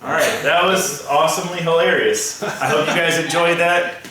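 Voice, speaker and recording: A peppy man leads kids in a call-and-response memory verse, prompting them in a quick, playful way. He stands well back from the mic in a very echoey room. A faint hiss runs under his voice. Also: a little high, sharp tone, recorded from a distance. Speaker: children's teacher leading a memory verse.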